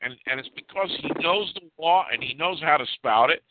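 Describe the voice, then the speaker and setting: A man telling a story in casual talk, animated and stumbling over repeated words as he acts out the people in it. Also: fairly high pitch, brisk, no room sound. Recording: dry tinny phone-line sound.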